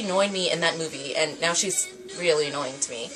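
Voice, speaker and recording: Young woman, lowish voice, quick rambling storyteller, music playing under her. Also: a bit bright, low-quality recording. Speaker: vlogger. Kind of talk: casual anime review.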